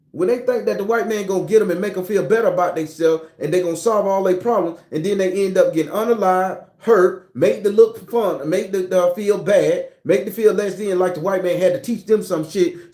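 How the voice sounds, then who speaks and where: A man's voice: high-pitched, dark tone. An older man delivering an impassioned, profane relationship monologue as a channel host, hammering points home with repetition. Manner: profane, preachy, emphatic repetition. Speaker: tarot reader and channel host.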